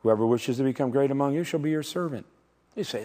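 A man preaching a sermon, emphatic and dramatic, swinging from loud declarations to hushed, slow words. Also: mid-range voice. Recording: long hall reverb.

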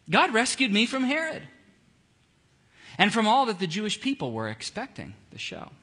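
A man leading a casual Bible study, animated and jokey, acting out scenes as he reads. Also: sits high, normal speed, husky.

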